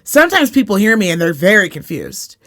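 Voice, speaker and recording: A woman's voice: medium pitch, big pitch swings, a little fast, a bit bright. Young woman from Reno co-hosting a chatty podcast, brash and profane. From Reno, Nevada. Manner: brash, swearing, laughing often. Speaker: podcast co-host. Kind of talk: casual chat.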